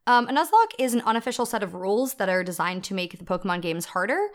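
A woman's voice: medium pitch, lively intonation, fast talker. A young woman co-hosting a casual chat podcast, explaining things with lots of asides and laughing often. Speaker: podcast co-host. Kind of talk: casual chat about fan fiction.

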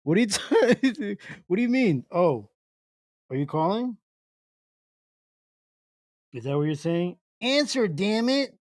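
A man hosting a casual internet radio show, reading chat messages aloud in a slow, halting way and breaking into laughter. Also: high voice, very animated, darkish tone, no echo, studio quality.

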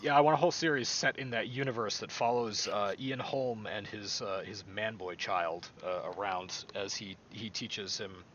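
A man hosting a casual podcast chat, animated and quick to laugh and swear. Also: on the low side, muffled recording, slight background noise. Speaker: podcast host.

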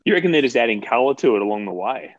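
A man's voice: mid-range voice, lively intonation, rapid-fire. Joking man, dull lo-fi mic. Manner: joking banter. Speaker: podcast co-host. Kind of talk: casual podcast chat.

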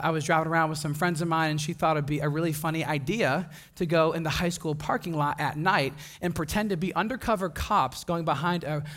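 Animated young male preacher telling stories. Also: a little high. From Wisconsin, US. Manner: animated, laughing, acts out voices of people in his stories. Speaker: pastor. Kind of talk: sermon with storytelling.

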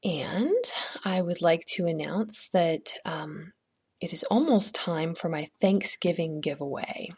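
A woman hosting a podcast, chatting with a guest and gently telling a folktale. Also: on the low side, lively intonation, takes it slowly, breathy edge. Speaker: podcast host and storyteller. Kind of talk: podcast chat and folktale storytelling.

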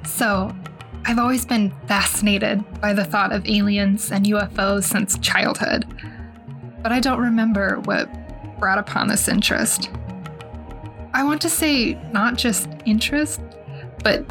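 A chatty female podcast host with a mid-pitched voice who laughs easily. She reads stories aloud in a casual, relaxed way, with faint music in the background. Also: unhurried, creaky. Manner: giggly, chatty.

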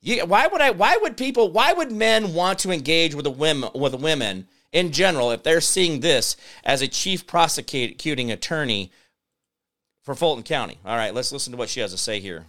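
A man's voice: on the high side, lively intonation, moderate pace, fairly bright tone. A man hosting a political commentary show, ranting sarcastically and mocking others with put-on voices. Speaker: host.

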